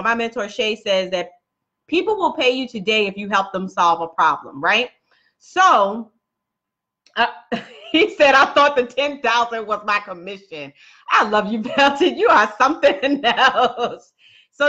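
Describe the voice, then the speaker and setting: A woman's voice: fairly high pitch, bright, forceful tone, highs cut off. A woman coaching viewers on a casual live stream, chatty and laughing often, talking straight to her audience.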